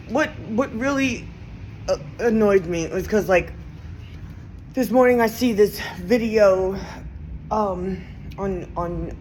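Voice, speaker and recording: A woman rants casually to the camera in a vlog, profane and meandering, packing in fillers, and her voice jumps sharply when she gets indignant. Her pitch is medium, and the low-quality recording carries slight background noise.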